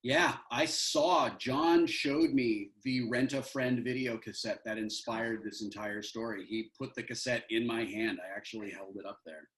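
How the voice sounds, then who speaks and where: A man's voice: medium pitch, steady tone, normal speed, hardly any pauses, fairly bright tone. Earnest man talking in a roomy space. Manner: thoughtful, earnest, explains at length. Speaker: actor as guest. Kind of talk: casual interview over video call. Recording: roomy echo.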